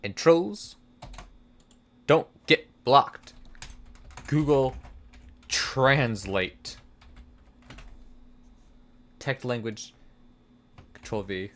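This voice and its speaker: A man's voice: mid-range voice, animated, extremely slow, long pauses, a bit bright, low-quality recording. A man streaming a game, muttering to himself and trading mock-outraged jokes with his chat. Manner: mutters to himself while playing. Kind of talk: casual live game stream talk.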